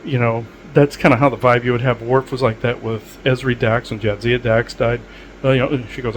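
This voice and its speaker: A man's voice: medium pitch, steady tone, a little fast, a little hiss or hum, low-quality recording. A man hosting a podcast, talking in a loose, digressive monologue with many filler words and restarts. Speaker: podcast host. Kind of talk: rambling casual monologue.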